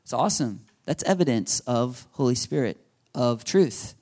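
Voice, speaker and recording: A man's voice: medium pitch, expressive, normal speed, a little mellow. A man in his thirties preaching a sermon in a conversational way, repeating himself and laughing now and then. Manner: conversational, repetitive, laughing asides. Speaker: pastor.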